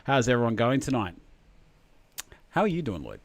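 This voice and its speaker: A man's voice: mid-range voice, sing-song, normal speed, no echo. A man hosting a casual livestream chat, laid-back and rambling, greeting viewers by name. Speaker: host.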